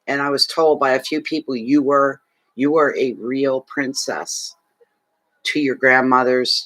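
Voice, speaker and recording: A man's voice: mid-range voice, sharp tone. A man from Canada chatting casually on a livestream as a fortune reader, emotional, thanking viewers and talking to his dog.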